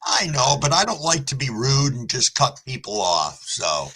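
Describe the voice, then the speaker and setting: A man's voice: mid-range voice, big pitch swings, moderate pace, sharp tone, slightly rough, poor audio. A man hosting a live stream, chatting casually with a guest and cheerfully greeting viewers from the chat.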